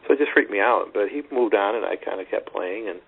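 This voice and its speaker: A man's voice: fairly low pitch, fast, breathy edge. A middle-aged man, a tennis coach, telling stories earnestly in a phone interview, rambling with restarts. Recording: tinny phone line with faint hiss.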